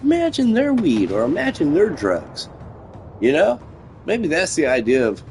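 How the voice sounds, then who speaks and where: Slow, laid-back rambling male streamer. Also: medium pitch. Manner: profane, meandering, laid-back musing. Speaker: game streamer. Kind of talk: casual rambling stream chat.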